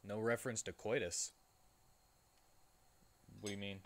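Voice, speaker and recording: A man's voice: on the low side, steady tone, a little slow, long pauses, fairly bright tone. A young man streaming a game, reading its text aloud and breaking off for playful, jokey asides. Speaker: gaming streamer.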